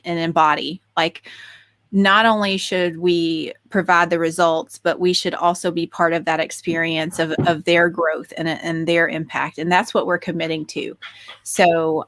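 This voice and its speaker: A woman's voice: fairly low pitch, a bit bright, no room sound. A woman co-hosting a podcast in casual chat, talking with eager enthusiasm and many restarts and fillers. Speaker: podcast co-host.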